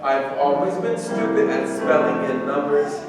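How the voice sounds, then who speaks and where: A man's voice: on the high side, lively intonation, a little slow. An actor playing Charlie Brown, a gloomy, self-doubting boy, talking and singing in a musical rehearsal. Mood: glum. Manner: mopey, sings parts. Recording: echoey hall from far off, with piano.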